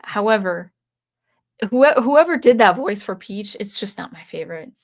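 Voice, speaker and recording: Woman, 30s, livestream host: casual, rambling, frank, frequent self-corrections, mid-range pitch. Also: animated, normal speed. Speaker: channel host.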